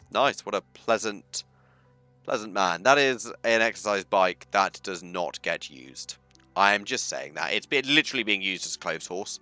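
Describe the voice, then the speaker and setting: Bright-voiced man reading a game. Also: fairly low pitch, expressive, moderate pace, no echo, faint music behind. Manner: self-mocking, chatty asides between read-out lines. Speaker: streamer. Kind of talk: reading a game aloud on a livestream.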